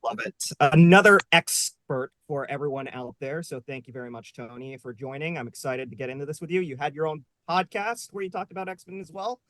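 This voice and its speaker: Man hosting a live panel, upbeat, jokey, fairly high voice, dry sound. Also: fairly quick, hardly any pauses, a bit bright, no room sound. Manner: upbeat, joking, many fillers. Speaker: host. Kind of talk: casual live panel chat.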